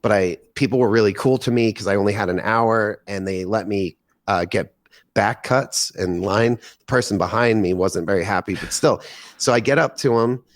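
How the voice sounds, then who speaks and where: A man in his forties, a podcast guest, telling a long story with excitement, swearing casually and acting out what people said. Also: fairly low pitch, moderate pace, no echo, clean studio sound. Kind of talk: animated storytelling in casual chat.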